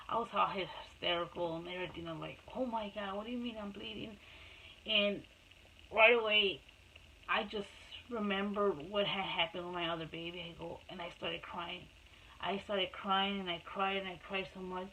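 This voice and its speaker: A woman's voice: medium pitch, fairly bright tone, a little hiss or hum, low-quality recording. A woman and mother telling her own life story to camera in a casual, rambling way, repeating herself and restarting often. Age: adult mother.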